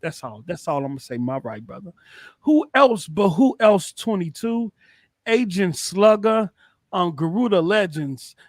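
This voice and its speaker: A man's voice: high-pitched, very animated, a little slow, no echo. A man hosting a casual gaming podcast, laughing and reading out chat names. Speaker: podcast host.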